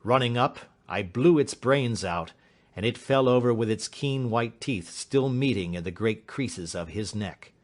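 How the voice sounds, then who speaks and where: A man giving a measured, dramatic audiobook narration. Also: medium pitch, animated. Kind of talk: scripted narration.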